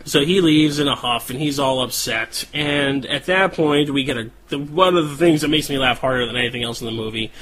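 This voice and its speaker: A man's voice: medium pitch, brisk, few pauses, crowd noise, poor audio. A man casually recapping a horror movie's plot as a podcast co-host, swearing freely.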